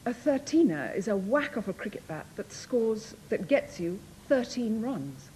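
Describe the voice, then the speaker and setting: A woman's voice: a little high, big pitch swings, a little slow, dark tone, slight background noise, low-quality recording. A woman team captain on a panel game show, telling stories in a playful, amused way.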